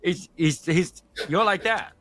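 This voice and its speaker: A man co-hosting a casual podcast chat, telling stories and acting out scenes with lively energy. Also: high-pitched, slow pace. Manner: animated storytelling, acts out scenes. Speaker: podcast co-host.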